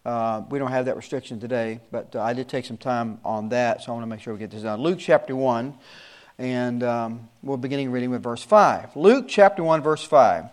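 A man's voice: mid-range voice, moderate pace. A man in his sixties, a Sunday school teacher giving his class an earnest, repetitive warning in casual talk. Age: 60s.

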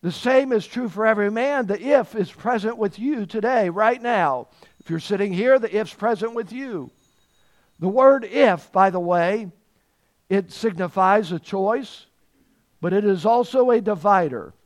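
A man's voice: sits high, measured pace. A man preaching a sermon, repeating key phrases for emphasis and reading scripture aloud in old-fashioned wording. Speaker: pastor.

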